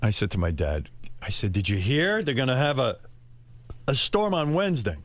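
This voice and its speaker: A male radio host tells a story in a casual, profane talk-radio style. His pitch swings widely as he slips into his family's voices. His delivery is energetic. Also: normal speed. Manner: animated, profane, acts out family members' voices.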